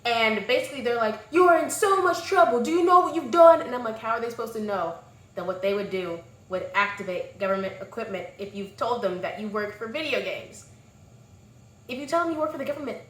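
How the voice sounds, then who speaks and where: Sassy, bright-voiced woman vlogger. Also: a little high, slight background noise. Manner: animated, sassy, exclamatory asides. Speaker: vlogger reviewing a movie. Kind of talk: casual sassy commentary. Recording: echoey room.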